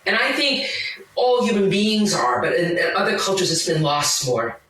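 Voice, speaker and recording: Enthusiastic woman guest, bright tone, heard from a distance in a roomy space. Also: mid-range voice, big pitch swings, moderate pace. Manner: enthusiastic, full of asides and tangents. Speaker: podcast guest. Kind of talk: conversational explaining.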